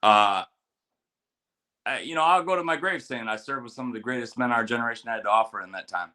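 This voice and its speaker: Bright-voiced man telling war stories. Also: mid-range voice, fairly quick. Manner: storytelling, profane, animated quotes. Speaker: podcast co-host, military veteran. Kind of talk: casual chat with fight picks.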